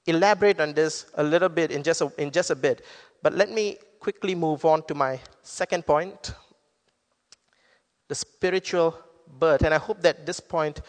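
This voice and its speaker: A man's voice: fairly high pitch, big-room sound. A man preaching a sermon, earnestly explaining scripture and quoting verses to his congregation. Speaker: pastor.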